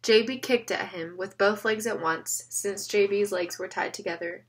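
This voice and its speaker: A woman reading an audiobook aloud, with steady, measured storytelling. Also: medium pitch, husky. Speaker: audiobook narrator. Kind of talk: scripted narration.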